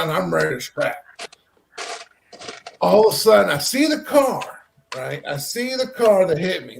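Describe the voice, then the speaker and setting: A man from Texas telling a long story in a rambling, animated way, full of fillers. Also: a little high, gravelly, slight background noise. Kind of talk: casual storytelling.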